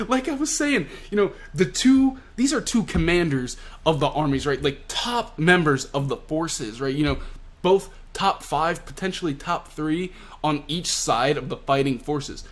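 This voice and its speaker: An excitable man gives casual commentary on comics in a slightly raised voice. He laughs often and leans on "like" and "you know." The delivery is loose and chatty. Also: fairly high pitch, moderate pace. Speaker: manga reviewer.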